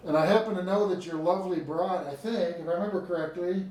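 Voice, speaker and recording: A man who is a library dean, asking casual, slightly halting questions in an oral history interview. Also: sits high, a little mellow. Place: interviewee's apartment. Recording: distant mic in a roomy room with faint noise.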